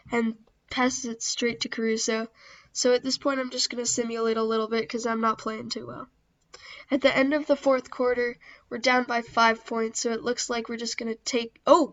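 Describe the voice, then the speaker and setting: A woman talks through her basketball video game in casual play-by-play. Her voice sits a little high but stays flat and even, with little rise or fall. The recording is dull and lo-fi, like a home voice-over. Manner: steady, understated play-by-play with self-deprecating asides. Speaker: gaming channel host.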